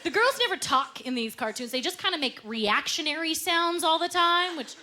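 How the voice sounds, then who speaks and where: A woman doing a stand-up comedy set, animated and laughing through her punchlines as she acts out quoted voices, recorded live on a club stage with a handheld mic. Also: extremely high pitch, normal speed. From Canada. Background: audience laughter and room noise.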